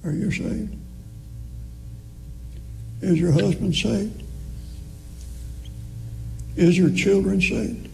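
A man preaching a sermon slowly and emphatically, pressing his listeners with rising appeals. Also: high-pitched, creaky, darkish tone, slight background noise, rough recording.

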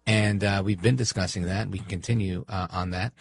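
A man hosting a talk radio show in an opinionated monologue, animated and sarcastic, with frequent asides. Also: low voice, brisk, creaky.

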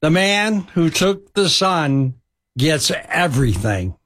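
A preacher putting on a persistent male auctioneer who keeps pressing the crowd for bids in a told story. His voice sits a little high, and he stretches out his calls with steady insistence. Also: takes it slowly, full character voice. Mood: solemn.

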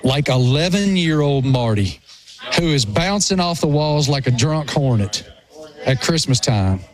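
A man with a rural Appalachian accent, chatting as a sports radio co-host in an animated, self-mocking way. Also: medium pitch, unhurried. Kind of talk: casual chat.

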